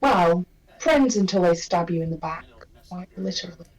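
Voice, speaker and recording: A woman's voice: lowish voice, expressive, normal speed, a crowd in the background, rough recording. A woman playing in a tabletop game, chatty and teasing as she questions another character. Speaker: player. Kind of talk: casual tabletop game chat.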